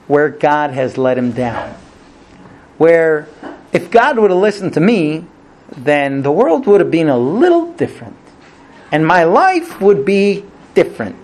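A man's voice: a little high, darkish tone, slight background noise. A man giving a Bible lesson, telling the story animatedly and acting out quotes. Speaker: Torah teacher.

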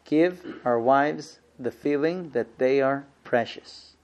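A man's voice: medium pitch, takes it slowly, muffled recording, background noise. A man teaching a marriage class to other men, making earnest points and then acting out household scenes with playful humor. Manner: lively, acts out husband and wife exchanges with humor; shifts between quiet earnest points and loud playful asides. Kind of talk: lecture to a class.

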